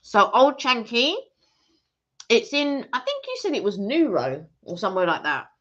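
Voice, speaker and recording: Co-host wanita Inggris, suara cerah, ngobrol santai, audio lo-fi kusam. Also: female voice, fairly high pitch, sing-song, normal speed, sharp tone. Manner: chatty, talks while eating. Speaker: co-host of a live stream. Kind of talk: casual live-stream chat. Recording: dull lo-fi stream audio.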